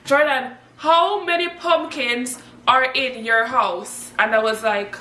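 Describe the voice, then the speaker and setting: Chatty high-voiced woman vlogging at home. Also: takes it slowly, echoey room, recorded from a distance, slight background noise. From Jamaica. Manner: chatty, laughs often, swoops up high when excited. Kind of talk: casual chat to camera. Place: room at home.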